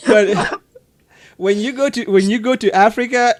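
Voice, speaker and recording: A man's voice: very high-pitched, brisk. A man with a mixed Cameroonian and Texan accent, chatting over a video call, laughing often and restarting his sentences. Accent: mix of Cameroonian and Texan English. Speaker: adoption agency mentor answering questions. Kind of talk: casual video call conversation.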